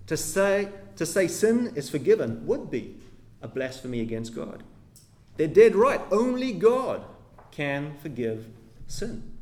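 A man's voice: fairly high pitch, a little mellow. A man preaching a sermon, reading scripture aloud and then explaining it with emphatic delivery and frequent tag questions. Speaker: pastor.

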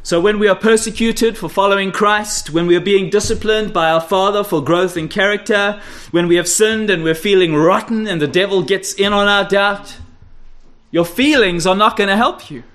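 A man preaching an expository sermon, stressing key phrases by repeating them and dropping low and quiet, and putting rhetorical questions to his listeners. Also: moderate pace. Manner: asks the audience rhetorical questions.

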